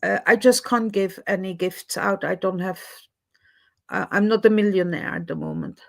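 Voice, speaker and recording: A woman's voice: medium pitch, big pitch swings, moderate pace, gravelly. A woman hosting a casual livestream chat, talking with many fillers and restarts. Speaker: livestream host. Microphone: computer mic on a livestream.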